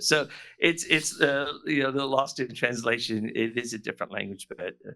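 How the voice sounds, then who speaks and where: An American man from South Florida chats as a podcast guest. His voice is bright and forward. He talks in loose, rambling stretches full of fillers and restarts. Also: medium pitch, normal speed. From South Florida, USA. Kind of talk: casual chat. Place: remote call from the UK.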